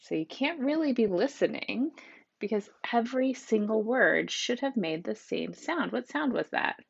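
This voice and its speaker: A woman's voice: a little high, expressive, moderate pace, vocal fry, slightly rough. A woman teacher giving an upbeat, encouraging spelling lesson to children, on a dull lo-fi home recording. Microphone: tablet microphone.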